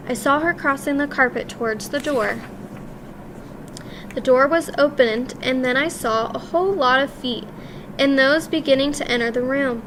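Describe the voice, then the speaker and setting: A woman narrating a children's story in the first person, in a lively, expressive way. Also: high-pitched, moderate pace, a little hiss or hum. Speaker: audiobook reader.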